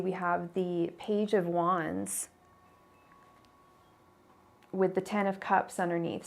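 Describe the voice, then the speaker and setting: A young woman gives a casual tarot reading on a livestream. Her voice has a gravelly fry, and she rambles with many fillers and quick apologies. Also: mid-range voice. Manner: chatty, apologetic, full of fillers and restarts. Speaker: tarot reader.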